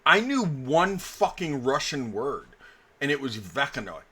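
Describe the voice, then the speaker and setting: A man's voice: on the high side, big pitch swings, measured pace, bright, forceful tone, husky. A man serving as game master, chatting casually and rambling through a story with lots of fillers. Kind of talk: casual table chat between game sessions.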